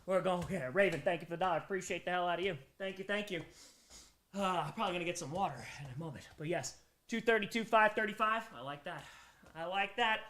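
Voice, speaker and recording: Quick and high-voiced, a male streamer sounds pushed and bright in an echoey room with a little hiss or hum. He has been live all day for charity and is worn out, reading each donation and thanking donors while his mood swings from hype to drowsy mumbling.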